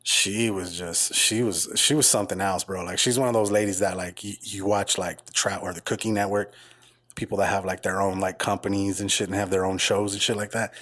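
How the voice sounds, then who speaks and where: A man's voice: little pitch movement, brisk, a bit bright. Profane storytelling man on a podcast. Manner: profane, storytelling, imitates people in high voices. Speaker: podcast co-host. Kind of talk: casual chat.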